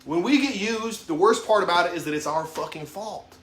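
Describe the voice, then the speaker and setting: A man's voice: sits high, animated, a little fast, a bit bright, reverberant. A man in his thirties giving an impassioned motivational monologue, swearing heavily in a raw, emphatic way. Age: 30s. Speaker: vlogger.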